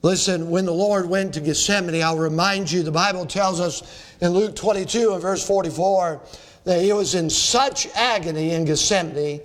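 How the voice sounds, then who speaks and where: A pastor delivers an evening sermon in a man's fairly high voice. He builds to ringing, emphatic peaks and then drops low and slow for quiet stretches, the pacing of a practiced preacher. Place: church service in the evening.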